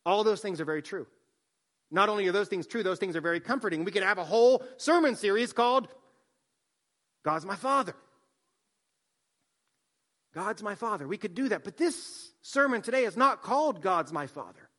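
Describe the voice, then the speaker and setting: A man, a pastor, preaching a sermon, swinging from soft hushed line endings to loud emphatic lines. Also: high-pitched, expressive, fast.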